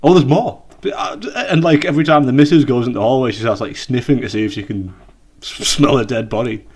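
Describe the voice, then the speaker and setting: A man's voice: mid-range voice, quick pace, a little mellow, husky. Rambling man on a call. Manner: dry, rambling, laughs often, swears freely. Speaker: podcast co-host. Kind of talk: casual banter. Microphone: Skype call.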